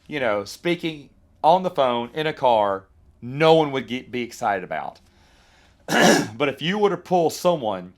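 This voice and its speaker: A man in his forties hosting a podcast, telling rambling nostalgic stories in a casual monologue with lively asides. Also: medium pitch. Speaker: podcast host.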